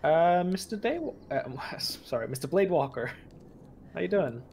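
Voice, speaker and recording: A man's voice: a little high, animated, measured pace, gravelly, darkish tone, a little hiss or hum. A man playing a tabletop fantasy game, speaking hesitantly with many restarts. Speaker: player. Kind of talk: casual role-play.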